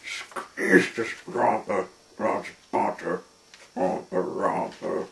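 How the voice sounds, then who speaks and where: Slow, gravelly man reading a children's story. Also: low voice, fairly even intonation, a little hiss or hum. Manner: halting, with many restarts and fillers.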